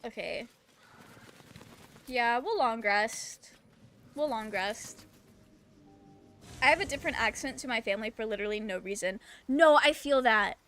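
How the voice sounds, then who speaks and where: A woman's voice: fairly high pitch, lively intonation, unhurried, pauses often, fairly bright tone, faint music behind. A woman with a Southern US accent, chatting casually and giggling while streaming a game. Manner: giggly, chatty, lots of fillers. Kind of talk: casual chat while gaming.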